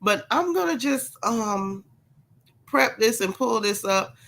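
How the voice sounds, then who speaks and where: Her pitch sits fairly high, with lively intonation, a slow pace, creak, and a fairly bright tone. The congested, ill-sounding woman hosts a gossip channel's livestream commentary, speaking right to viewers in chat and hammering points through repetition.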